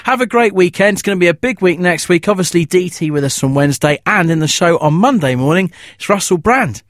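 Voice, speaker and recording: A man with a fairly high voice presenting a radio podcast intro. He talks in a chatty, self-mocking way, and the sound is dry and close to the mic. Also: animated, fairly quick, no echo.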